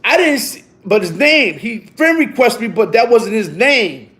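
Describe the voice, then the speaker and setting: A man's voice: high voice, animated, a little slow, a bit bright. A middle-aged man telling a story in casual street slang, tagging lines with "you heard?". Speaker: vlogger.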